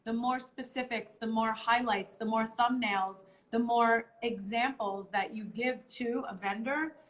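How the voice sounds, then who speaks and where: A woman with a slightly high voice hosts a casual live stream from her phone. She explains things step by step, filling pauses with plenty of ums. Her tone is conversational and thoughtful. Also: steady tone, fairly bright tone, low-quality recording.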